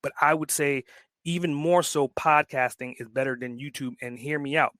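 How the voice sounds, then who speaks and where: A man's voice: a little high, normal speed, dry recording. Fired-up man swearing in podcast talk. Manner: emphatic, swears freely, revs up when excited. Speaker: podcast guest, entrepreneur. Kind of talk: casual podcast conversation.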